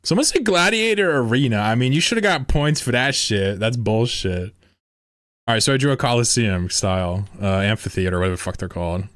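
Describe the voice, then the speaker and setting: A man's voice: mid-range voice, brisk, no room sound, clean studio sound. A young man streaming a drawing game, talking casually with lots of swearing and laughter. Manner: profane, excitable, laughs often. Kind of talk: casual live-stream commentary.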